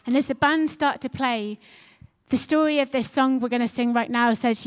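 A woman's voice: high-pitched, normal speed. A woman pastor, preaching a sermon with earnest, repeated calls to her church. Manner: earnest, repetitive exhortation.

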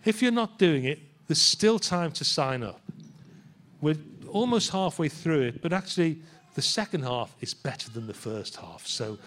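A man's voice: fairly high pitch, expressive, moderate pace, fairly bright tone. A man, a pastor, preaching a sermon in a church in a conversational way and asking his listeners rhetorical questions.

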